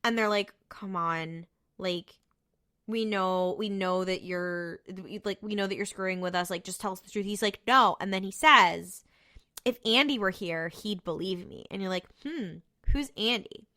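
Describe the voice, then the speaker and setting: A woman's voice: medium pitch, normal speed, pushed and bright. A woman co-hosting a podcast, casually recapping a TV episode, chatty and cursing freely as she quotes the characters. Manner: chatty, swears freely, retells scenes with quoted voices. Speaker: podcast co-host.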